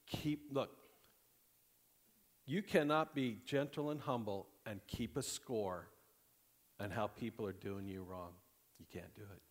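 A male pastor preaching a sermon, animated and conversational, jumping between loud exclamations and hushed, intimate passages, often laughing through his lines. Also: mid-range voice. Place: church sanctuary. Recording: long hall reverb.

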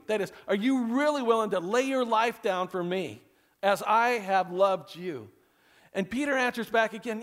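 A man's voice: high voice, moderate pace, a bit bright. A man preaching a casual, conversational sermon to a congregation, rambling and folksy, full of asides and jokes. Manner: folksy, rambling, leans on "you know", cracks jokes. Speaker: pastor.

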